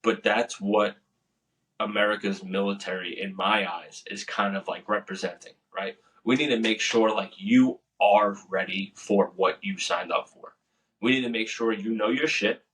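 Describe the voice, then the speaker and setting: A young Navy veteran tells boot camp stories in a laid-back, profane way, laughing often as he casually recounts them. His voice is on the low side with a steady tone, normal speed, and a bit of brightness, and he sounds a little far from the mic.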